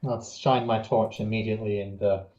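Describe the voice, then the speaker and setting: Mellow player on a dull, roomy mic. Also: male voice, on the low side, fairly even intonation, moderate pace, a little hiss or hum. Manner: hesitant, questioning. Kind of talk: tabletop role-play chat.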